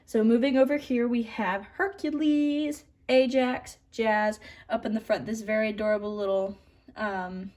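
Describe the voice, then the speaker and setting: Young woman, casual collection tour vlog, chatty and upbeat, small stutters and restarts, soft trailing asides. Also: medium pitch, little pitch movement, normal speed. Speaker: model horse collector.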